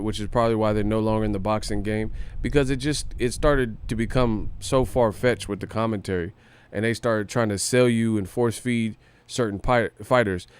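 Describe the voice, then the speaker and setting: A man's voice: mid-range voice, clean tone, no echo. A man hosting a live commentary stream, talking in slangy, profane, joking chat and laughing often. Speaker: host. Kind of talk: livestream commentary.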